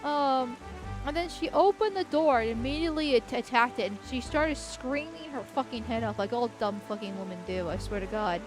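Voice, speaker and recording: A woman streamer talking over her gameplay, rambling and crude, dropping swear words freely. Her voice sits high, with faint music running underneath. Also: lively intonation, fairly quick. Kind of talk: gameplay commentary.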